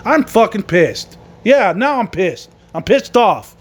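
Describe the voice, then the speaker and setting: High-voiced man on a profane wrestling rant. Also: very animated, slow pace, a little hiss or hum. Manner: angry, swearing constantly. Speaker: podcast host reviewing wrestling. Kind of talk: profane rant recapping a show.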